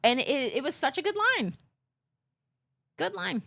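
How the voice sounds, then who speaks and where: A woman talking casually to her live stream chat, with a fairly high voice and a very animated, swooping delivery. She tells stories with playful impressions of other people and swears freely. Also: measured pace, creaky. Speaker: livestreamer.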